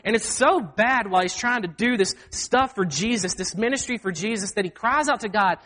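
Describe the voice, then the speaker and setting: High-voiced pastor preaching. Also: male voice, fairly quick, bright, forceful tone. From Mississippi. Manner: earnest, self-deprecating, acts out quoted speech. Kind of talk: sermon. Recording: long hall reverb.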